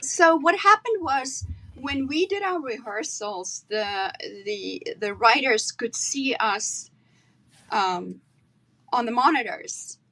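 A woman from South Africa, an actress chatting as a guest on a video call, telling stories with animated delivery. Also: fairly high pitch, slight background noise, poor audio. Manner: animated storyteller, acts out her own accent. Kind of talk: casual interview chat.

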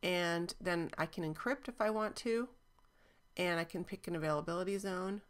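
A woman's voice: on the low side, moderate pace. A woman teaching cloud databases in a chatty, enthusiastic screen-recorded walkthrough, with frequent ums.

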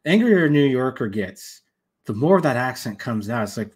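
A man's voice: medium pitch, very animated, moderate pace, husky. Laid-back male co-host. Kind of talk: casual live-stream chat.

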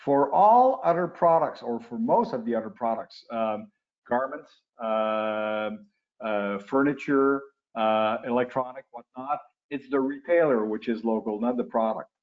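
A man's voice: mid-range voice, unhurried. Older man explaining, lo-fi call audio. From Quebec, Canada. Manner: explanatory, with frequent restarts and uh fillers. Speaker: guest expert on retail. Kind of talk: webinar interview answers. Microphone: video call. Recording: lo-fi webinar audio.

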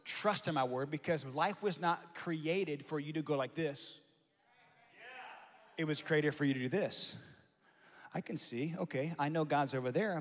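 A male pastor preaching a sermon, swinging between loud emphatic lines and soft hushed asides. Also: a little high. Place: large church hall. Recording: long hall reverb.

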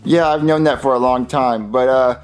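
A man voicing a naive, excitable young boy puppet in a puppet comedy, stammering and easily baffled. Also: mid-range voice, moderate pace, clean tone, soft background music, natural voice.

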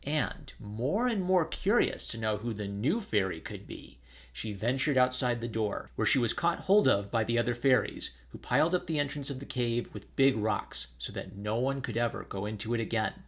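A man reading an old fairy tale aloud in a measured storytelling manner. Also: mid-range voice, expressive, fairly bright tone.

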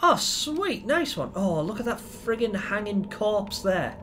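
A man commenting on a horror game as he plays it, excitable and swearing a lot. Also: high voice, a little slow, a little hiss or hum. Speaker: gaming YouTuber. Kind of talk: let's play commentary.

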